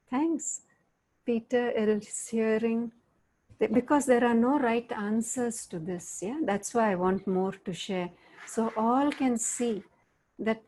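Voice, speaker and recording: A middle-aged woman guides a group through an online talk. Her voice sits fairly high and she speaks slowly. She keeps asking her listeners questions and acts out tones of voice to show her point. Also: darkish tone. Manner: questions the audience often, demonstrates tones of voice. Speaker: workshop facilitator.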